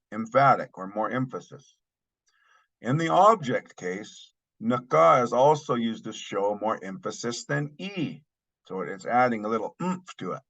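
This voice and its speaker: A man teaching a language lesson, saying each phrase twice slowly and then explaining it in plain terms. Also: fairly low pitch, expressive, fairly bright tone, highs cut off. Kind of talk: slow spoken language lesson.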